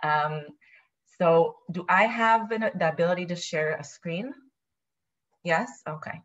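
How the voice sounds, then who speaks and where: A low-voiced woman gives an academic talk over a video call, a Hebrew speaker working in English. She sounds nervous and apologizes as she thinks aloud. The call audio is dull and lo-fi. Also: unhurried. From Israel. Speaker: guest lecturer.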